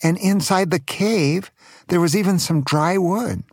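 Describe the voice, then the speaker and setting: A man's voice: high-pitched, unhurried, slightly rough, dry recording, studio quality. An older man telling a children's adventure story as a grandfather, playful and dramatic, with small jokes.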